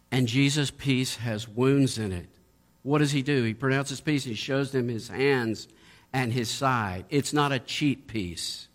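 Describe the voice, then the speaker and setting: A man's voice: mid-range voice, takes it slowly. A middle-aged man preaching a sermon, asking strings of rhetorical questions and building to emphatic peaks. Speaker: pastor.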